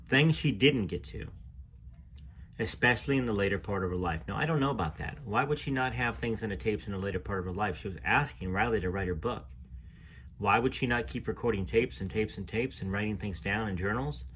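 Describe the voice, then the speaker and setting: A man reading a memoir aloud in an earnest, emotional way, pausing now and then to add his own comments. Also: on the low side, a bit bright, breathy edge. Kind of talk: reading aloud with spoken asides.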